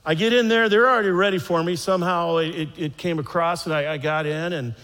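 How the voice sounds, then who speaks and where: A man's voice: on the high side, a little fast, a bit bright, long reverb tail. A rambling American man with a raised voice. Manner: rambling, self-mocking, repeats phrases, acts out sounds. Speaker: stand-up comedian. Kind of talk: stand-up storytelling.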